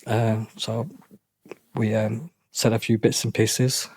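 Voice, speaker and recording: Middle-aged man, interview guest; halting, restarts a lot, dry close mic. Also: on the low side, little pitch movement, a little mellow, husky, no echo. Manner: halting, repeats himself, many restarts. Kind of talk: emotional personal account.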